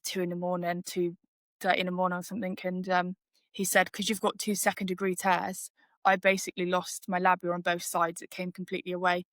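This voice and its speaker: A woman's voice: on the low side, a bit bright, dry recording, clean studio sound. A woman telling her story in casual podcast chat, chatty with many fillers. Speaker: podcast host.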